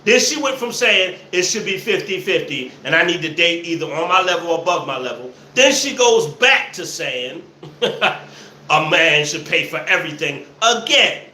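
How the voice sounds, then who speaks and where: A man in a live commentary show, mocking what he hears and laughing hard. His voice is high and bright. It echoes around a roomy space, with faint noise underneath. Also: lively intonation, moderate pace. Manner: loud laughing, mocking, repeats phrases. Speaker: host reacting to clips.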